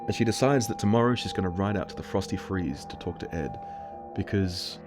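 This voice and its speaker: A man casually retelling a children's book and sharing his enthusiasm. His voice is very low, and music plays clearly beneath him. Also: expressive, brisk. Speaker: book reviewer. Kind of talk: storybook retelling. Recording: music playing under voice.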